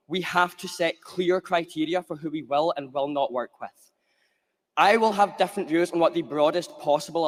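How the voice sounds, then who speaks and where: A man from Glasgow with a Scottish accent giving a measured, earnest political conference speech. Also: on the high side. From Glasgow, Scotland. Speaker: conference delegate. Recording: reverberant conference hall.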